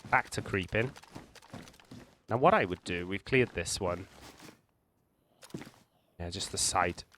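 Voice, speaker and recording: A man hosting a gaming channel, calmly talking the viewer through a survival game, explaining tactics with small restarts. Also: sits low, slow, slight background noise. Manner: calm, explanatory, hedging with restarts. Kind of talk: gameplay walkthrough commentary.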